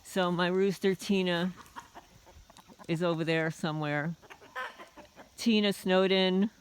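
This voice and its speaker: A woman's voice: lowish voice, steady tone, slow pace, slight background noise. Rambling woman outdoors with crowing roosters. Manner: rambling, aggrieved, with wry asides. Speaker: homesteader vlogger. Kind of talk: casual walk-and-talk vlog. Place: outdoors on a small homestead near a chicken coop. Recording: outdoor recording with crowing roosters and clucking hens.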